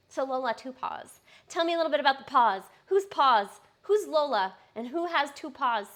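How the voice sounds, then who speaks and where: A woman's voice: sits high, expressive, moderate pace. A young adult woman, a personal trainer, chatting casually and upbeat on a live stream, with frequent fillers.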